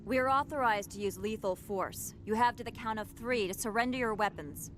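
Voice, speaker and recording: A woman's voice: fairly high pitch, moderate pace, fairly bright tone, a little hiss or hum, lightly acted. An actress playing a stern, officious female security captain in a video game, with a clipped official delivery. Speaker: game character.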